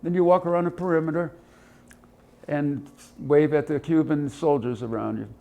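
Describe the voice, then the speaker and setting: Older man spinning lively war anecdotes. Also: fairly high pitch, normal speed, creaky. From Ohio, USA. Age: older, 70s. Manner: animated anecdotes, acts out voices and sounds. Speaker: military veteran interviewee. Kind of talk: oral history interview storytelling.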